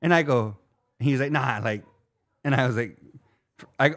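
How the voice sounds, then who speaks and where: This podcast co-host from Arizona speaks at medium pitch, a bit slowly, pausing often. Animated and slangy, he tells his story while addressing everyone as "dog."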